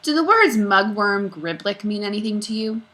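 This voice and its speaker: A woman voicing a gruff, suspicious male school principal who barks his questions loudly in a storybook reading. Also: mid-range voice, lively intonation, moderate pace. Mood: interrogating. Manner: barking, loud interrogating.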